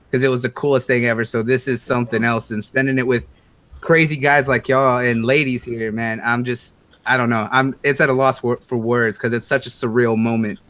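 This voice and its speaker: A man co-hosting a casual gaming podcast, speaking at a middle pitch. He sounds pumped up and trades joking jabs with the others. The recording is dry and close. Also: no echo. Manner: excited, joking trash talk. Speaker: podcast co-host.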